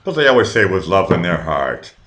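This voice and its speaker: Man, middle-aged, stream host, low voice, lively pitch, profane, rambling, reads chat aloud. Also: fairly quick. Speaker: livestream host.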